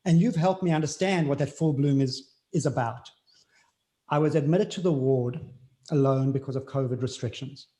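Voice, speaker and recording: A man's voice: medium pitch, moderate pace, dark tone. A man with a South African accent, speaking earnestly as an interview guest and repeating key phrases for emphasis. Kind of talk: reflective interview talk.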